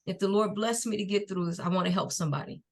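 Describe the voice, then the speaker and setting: A middle-aged woman, a podcast guest and nonprofit founder, telling her personal story in an earnest, faith-filled and unhurried way. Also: mid-range voice, steady tone. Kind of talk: personal testimony in a podcast interview.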